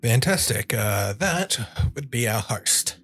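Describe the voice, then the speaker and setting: A man's voice: mid-range voice, sing-song, slow, fairly bright tone, breathy edge, soft background music. A man playing a tabletop game, talking in a laid-back, blunt way. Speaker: player. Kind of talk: casual tabletop play.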